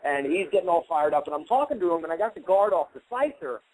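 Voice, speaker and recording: A man's voice: fairly high pitch, very animated, fast, darkish tone, rough recording. A man co-hosting a casual online talk show, telling long stories with many fillers. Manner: rambling storyteller, many fillers. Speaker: co-host. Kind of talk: casual podcast chat. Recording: internet radio call with faint noise.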